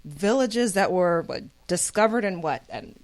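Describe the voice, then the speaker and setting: A woman from the American Midwest, a guest telling a story in a casual chat, animated and laughing often. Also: lowish voice, measured pace. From Gary, Indiana.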